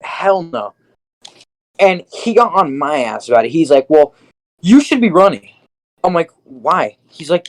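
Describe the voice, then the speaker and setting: A man's voice: a little high, poor audio. A teenage man co-hosting a podcast, telling a rambling school story in casual, profane chat full of fillers. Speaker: podcast co-host.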